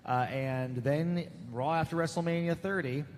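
A man hosting a casual interview podcast, asking questions in a relaxed, jokey way and laughing along with his guest. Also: on the high side, moderate pace, in a large hall.

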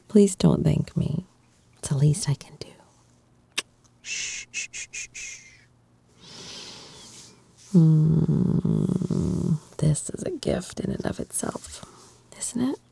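A woman voicing an affectionate girlfriend who gently reassures and teases her partner, in a whispered role-play. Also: deep voice, lively intonation, takes it slowly, vocal fry, long pauses, husky, exaggerated voice. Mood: tender. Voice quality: soft, gentle, reassuring, playfully teasing.

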